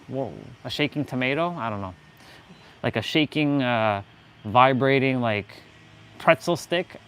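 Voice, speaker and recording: A man's voice: medium pitch, a bit bright, clean tone. A man hosting a fitness livestream, talking in a loose, rambling, joking way. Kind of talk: casual livestream chat.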